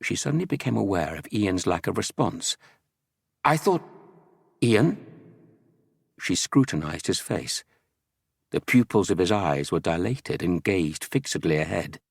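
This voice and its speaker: Husky, low-voiced male narrator. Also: normal speed, no echo, studio quality. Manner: steady, dramatic storytelling. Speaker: audiobook narrator. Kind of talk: scripted audiobook narration. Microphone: close studio mic.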